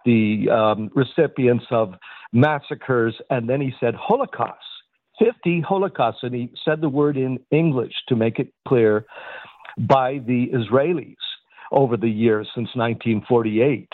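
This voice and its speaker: A man in his sixties, a guest analyst on a radio news interview, talking in a measured way with many fillers and restarts. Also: medium pitch, no room sound. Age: 60s. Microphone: phone. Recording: tinny phone line.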